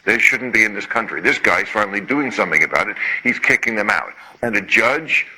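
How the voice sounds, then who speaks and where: A man's voice: fairly low pitch, lively intonation, fairly quick, bright, forceful tone, breathy edge, rough recording. A man hosting a talk show, delivering sarcastic political commentary with punchy jokes and the occasional swear word.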